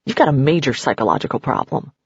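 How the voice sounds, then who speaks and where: A woman's voice: very deep voice, big pitch swings, fast talker, husky, dry recording, highs cut off, pitched below the performer's own voice, heavily acted. A woman reading the lines of a controlling, angry partner in a curt, scolding way.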